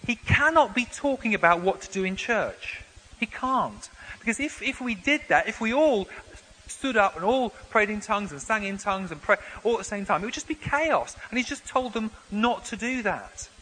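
High, bright-voiced male preacher in a reverberant hall. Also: lively intonation, moderate pace, slightly rough. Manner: conversational preaching with frequent restarts and repeated words. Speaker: pastor. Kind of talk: sermon. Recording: long hall reverb, faint background noise.

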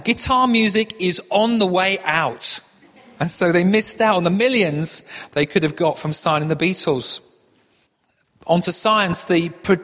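A man's voice: high-pitched, a bit bright. A man from the United Kingdom giving a conversational sermon as preacher, chuckling at his own anecdotes and restarting phrases. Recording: reverberant hall.

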